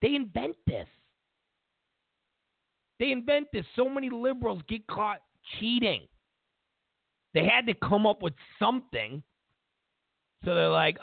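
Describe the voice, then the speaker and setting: A man's voice: high voice, animated, unhurried, vocal fry, long pauses, dry recording. A man hosting a talk show, ranting in a mocking, rambling way and circling back to the same phrases. His voice swoops widely and he takes his time. The sound is thin and phone-like, with no room around it. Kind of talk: comedic political rant. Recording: tinny phone-like line, dry.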